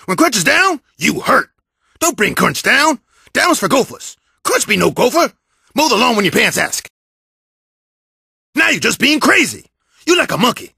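A man voicing a big, tough bandicoot brother in a cartoon video game, gravelly and raspy, talking in clipped street slang. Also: very high-pitched, bright, forceful tone, dry recording, clean studio sound, full character voice.

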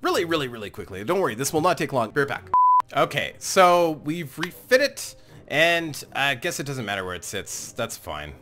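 A man giving casual gameplay commentary as a let's play host, excitable and thinking aloud, chuckling often. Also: mid-range voice, moderate pace, heavy background noise. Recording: game music playing under the voice.

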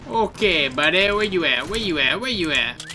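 A man with a very bright, forceful voice that swings widely in pitch, narrating his gameplay in a playful, trash-talking way. He laughs a lot and yelps when things go wrong, and faint music plays behind him. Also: moderate pace. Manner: excitable, laughs often, yelps when spotted; slangy, playful trash talk. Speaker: gaming YouTuber. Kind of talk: live gameplay commentary.

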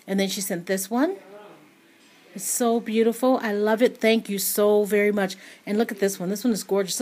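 A woman's voice: medium pitch, darkish tone. A woman hosting a craft channel, chatting casually as she shows off a gift, gushing with many ums and repeated words. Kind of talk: casual unboxing chat.

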